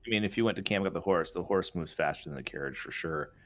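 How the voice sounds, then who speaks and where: A man playing a tabletop game, speaking in a quick, matter-of-fact way as he works out his dice rolls aloud. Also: low-pitched, fairly bright tone, no echo, highs cut off. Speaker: player.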